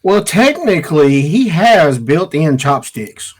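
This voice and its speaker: A man's voice: on the high side, big pitch swings. A man playing in a tabletop game, joking casually. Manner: joking, quick. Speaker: player. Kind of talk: casual chat.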